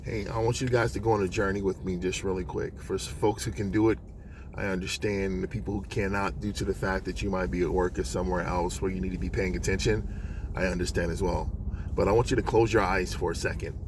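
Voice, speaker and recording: A man's voice: sits low, steady tone, fast, background noise. A man telling a devotional story in an earnest monologue, often using fillers. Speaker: christian storyteller.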